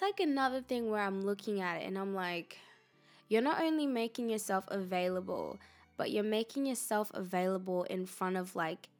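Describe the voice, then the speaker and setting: A young adult woman hosting a casual solo podcast, chatty and animated, laughing often and acting out her own reactions. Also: mid-range voice. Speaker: podcast host.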